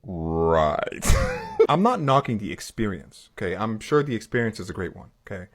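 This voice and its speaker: Animated man reacting with emphatic asides. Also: fairly low pitch, fast. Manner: emphatic, repeating "okay?" to viewers. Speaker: reaction creator. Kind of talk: casual reaction commentary.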